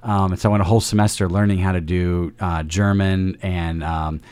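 A man's voice: low voice, flat delivery, a little fast, a little mellow, clean tone. A man hosting a casual faith discussion, explaining step by step with homespun analogies and often restarting his sentences mid-thought. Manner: frequent self-interrupting restarts.

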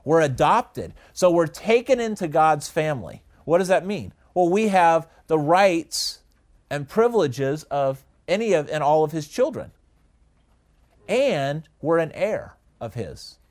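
A man teaching a Bible study in a conversational way, often asking the listeners questions and pausing on "uh". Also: a little high, very animated, darkish tone. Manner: conversational, asks the audience questions, frequent uh fillers.

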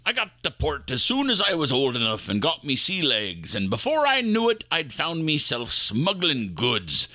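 A swaggering sea-dog captain bellows in old-time pirate talk, as a man puts him on. His voice is bright and forceful and leaps wildly in pitch. It sits close and dry on the mic, with no room sound at all. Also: big pitch swings, normal speed, gravelly, few pauses, no echo, exaggerated voice. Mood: boastful. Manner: loud and blustering. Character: boisterous male pirate captain driving a rideshare.

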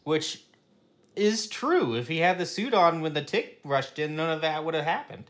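A man co-hosting a podcast, chatting animatedly about a TV episode and jumping into loud character quotes. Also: a little high, expressive, moderate pace. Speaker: podcast co-host. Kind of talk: casual chat recapping a TV episode.

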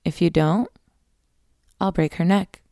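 A raspy, menacing man issuing threats, as a woman narrator puts him on. Low and gravelly, close and dry. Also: slow pace, warm tone, no echo. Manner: menacing, demanding.

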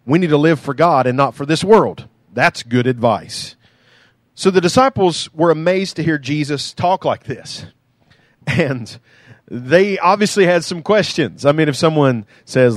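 A man preaching a sermon in a conversational, animated way, with playful asides to the congregation. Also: fairly high pitch, no echo. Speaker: pastor.

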